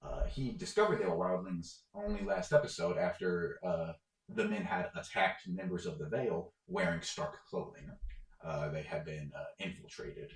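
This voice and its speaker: A man's voice: sits low, moderate pace, roomy sound, low-quality recording. A man narrating as game master of a tabletop game, rambling with many fillers.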